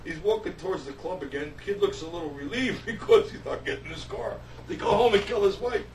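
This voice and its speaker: A man, a musician, telling a casual anecdote in an animated way, stumbling and repeating himself. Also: high voice, quick pace. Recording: roomy, distant, faint hiss.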